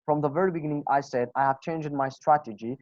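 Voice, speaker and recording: A man's voice: on the high side, fast talker, a little mellow, no room sound. A man with a Kurdish accent teaching English pronunciation in an online class, patiently repeating example phrases. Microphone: video call. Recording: dull, dry video call audio.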